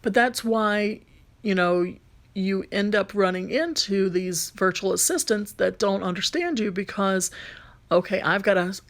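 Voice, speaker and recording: A woman's voice: mid-range voice, unhurried. A woman with a light Southern accent, a rideshare driver and vlogger, talking casually through a phone tutorial, rambling with frequent ums and restarts.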